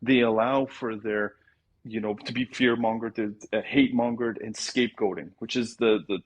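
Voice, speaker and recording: Man, phone-in caller, long-winded, husky, ranting. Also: lowish voice, fairly even intonation, moderate pace, dull audio. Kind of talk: call-in debate.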